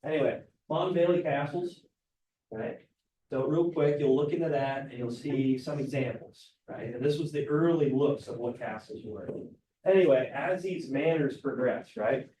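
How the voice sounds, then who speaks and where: A man's voice: mid-range voice, normal speed, dark tone, a little hiss or hum. A male teacher giving a casual classroom lecture, often checking in with "right?". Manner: casual, keeps asking "right?". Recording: roomy classroom, mic far off.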